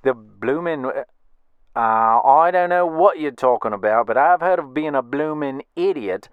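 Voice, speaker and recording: A man's voice: a little high, animated, unhurried, clean tone, no room sound, phone-quality sound. A man playing a cheeky young Australian wiseguy with a thick Australian accent, full of slang and teasing patter in a comedy bit.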